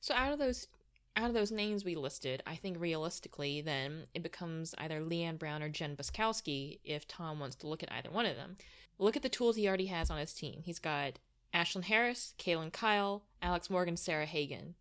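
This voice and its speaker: A woman's voice: deep voice, lively intonation, brisk, a bit bright. A woman co-hosting a soccer podcast, talking through rosters in a casual, analytical way with dry teasing asides. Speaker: podcast co-host.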